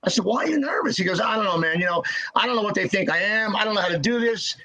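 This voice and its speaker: A man telling stories as a podcast guest in casual chat, halting and repeating words as he restarts. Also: high voice, pushed and bright, rough recording.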